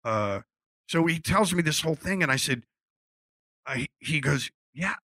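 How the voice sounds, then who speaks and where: Man from Philly, bright dry voice, lively anecdote teller who acts out dialogue. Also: medium pitch, normal speed, no echo. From Philadelphia. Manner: animated storyteller acting out quotes, swears freely. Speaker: guest telling a story. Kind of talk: casual anecdote.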